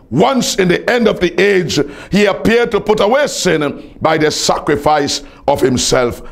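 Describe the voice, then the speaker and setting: A man's voice: high voice, gravelly. A man preaching a sermon in an emphatic, repetitive cadence that climbs to rising peaks.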